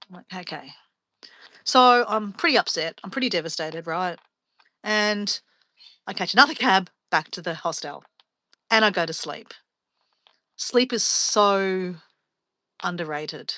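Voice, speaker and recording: A woman travel vlogger chatting on a live stream, her voice bright and forward. She rambles through stories and laughs easily. The sound is close and dry, with no room around it. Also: fairly low pitch, lively intonation, measured pace, pauses often, dry recording. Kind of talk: casual live stream chat.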